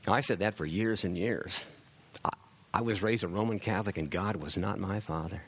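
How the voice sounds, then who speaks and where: A man's voice: sits low, normal speed, slightly rough. A man preaching a sermon in an earnest way, often repeating words as he builds a point.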